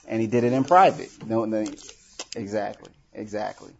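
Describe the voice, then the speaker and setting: A man's voice: lowish voice, moderate pace, creaky. A man leading a workshop for a live group, talking casually with many "you know"s and acting out example lines. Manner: conversational, full of "you know", acts out quoted lines. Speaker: workshop leader. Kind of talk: casual teaching talk. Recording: dull lo-fi recording.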